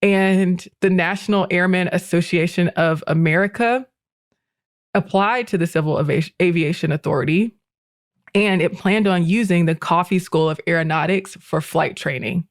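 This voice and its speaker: A woman telling a history story on a podcast in a relaxed, chatty way, often breaking into laughter. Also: on the low side, moderate pace, dry recording, studio quality. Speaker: guest presenter.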